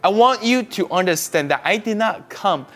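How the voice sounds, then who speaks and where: A man's voice: high voice, lively intonation, moderate pace, fairly bright tone. A man preaching a sermon, emphatic, pushing up on key words and often restarting his phrases. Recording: faint music behind.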